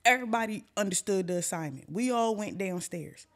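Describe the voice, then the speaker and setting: A young woman hosting a podcast talks a little fast in a mid-range voice. She tells a funny story in a casual, profane, animated way, doing impressions of the other people's voices.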